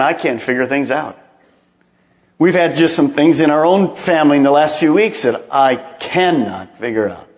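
A middle-aged male pastor preaching a sermon, emphatic and calling on the congregation to repeat phrases after him. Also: fairly high pitch. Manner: emphatic, calls for congregation responses.

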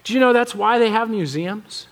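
Animated American pastor, high voice. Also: male voice, normal speed. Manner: conversational, animated, acts out quoted voices. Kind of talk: sermon. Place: church sanctuary.

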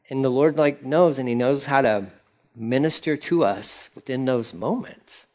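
A man's voice: medium pitch, unhurried, a little mellow. A man preaching a sermon as pastor, in a casual, conversational manner with slangy asides.

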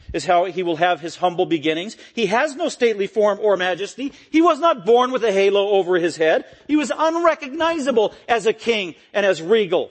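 A man preaching an expository sermon, emphatic and repetitive, swinging from loud peaks to quiet low lines. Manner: repetitive, stressing key phrases.

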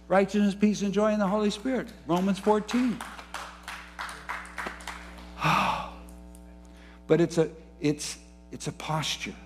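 A man preaching a sermon, moving between soft, low musing and rising, fervent emphasis. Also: slow, pauses often. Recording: faint music behind.

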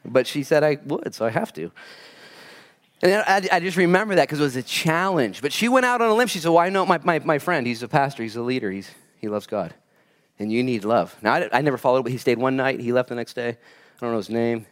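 A man preaching to his congregation with the easy rhythm of a storyteller. His voice sits in a middle register, dropping to near-hushed asides before rising into quick, excited bursts. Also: mid-range voice. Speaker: pastor. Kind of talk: sermon.

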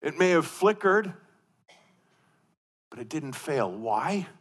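A man preaching a sermon, asking rhetorical questions and swinging from forceful emphasis to hushed intensity, often repeating and restarting his phrases. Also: on the high side, sing-song, takes it slowly. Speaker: pastor.

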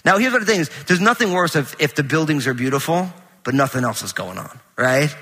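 A middle-aged man preaching a conversational sermon in a large church auditorium, animated and full of anecdotes with quoted dialogue. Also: on the high side, brisk, slightly rough, big-room sound. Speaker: pastor.

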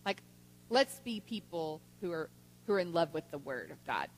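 A woman giving a Mother's Day talk in church, telling stories with lively voiced quotes. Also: deep voice, moderate pace, a little hiss or hum. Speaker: church speaker. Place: church sanctuary. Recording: long church hall reverb.

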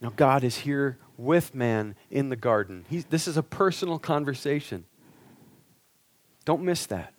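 A man's voice: medium pitch, lively intonation, measured pace. A male preacher giving an earnest sermon, pressing the listeners with rhetorical questions.

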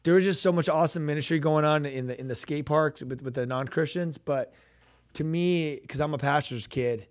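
A man co-hosting a radio show, telling a personal ministry story in casual chat, animated and full of restarts, acting out quoted voices. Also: fairly high pitch, moderate pace.

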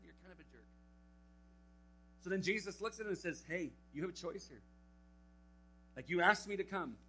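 A young man giving a camp sermon to teenagers, telling a Bible story with lively acted-out quotes. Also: sits high, normal speed, slightly rough, low-quality recording. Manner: animated storytelling, acting out quotes. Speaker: camp speaker. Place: camp meeting hall.

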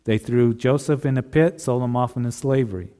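A man preaches an earnest sermon in a mellow, dark voice at a middling pitch. He talks straight to the husbands, circling back and repeating his phrases as he goes. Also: brisk. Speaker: pastor.

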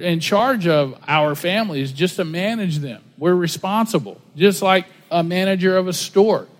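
A man with a rather high voice preaching a sermon in a loose, chatty way. He slips into quick impressions while telling stories. His voice rings out with a long reverb, as in a church sanctuary. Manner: conversational, storytelling with acted-out quotes. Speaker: pastor.

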